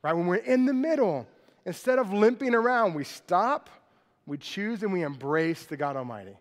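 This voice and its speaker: High-voiced man preaching in a reverberant hall. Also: normal speed. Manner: animated, jokey storytelling with sarcastic asides. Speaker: pastor. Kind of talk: sermon. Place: auditorium.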